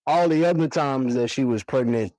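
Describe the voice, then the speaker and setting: A man in his forties tells a story in a loose, conversational way, voicing the people in it as he goes. His pitch sits in an ordinary middle range, and the sound is close and dry, with almost no room around it. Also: moderate pace, no room sound, low-quality recording. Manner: relaxed, animated storytelling with quoted dialogue. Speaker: podcast guest, single father.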